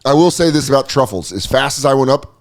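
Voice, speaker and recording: A middle-aged man hosting a podcast, telling a story casually, swearing freely and acting out other people in high silly voices. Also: expressive, fast talker. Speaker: podcast host.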